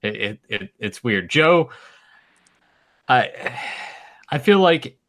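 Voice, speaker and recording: A man co-hosts a casual podcast in a mid-range voice. He is excitable and often laughs. He restarts his words as he rushes through stories. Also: medium pitch. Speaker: podcast co-host.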